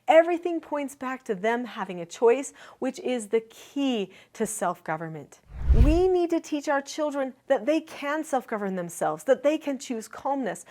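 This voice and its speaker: A middle-aged woman giving a parenting lesson straight to the camera, explaining in an earnest way and briefly acting out what a parent or child might say. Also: a little high. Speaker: parenting educator.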